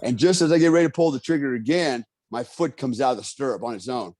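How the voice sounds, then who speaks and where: Profane, animated male storyteller. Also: mid-range voice, fast, no echo, studio quality. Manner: profane, animated, acts out quotes. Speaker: guest. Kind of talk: casual storytelling.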